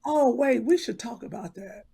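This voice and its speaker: A woman co-hosting a comedic casual chat, with loud, laughing interjections. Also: a little high, lively intonation, normal speed, gravelly, slightly rough. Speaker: co-host.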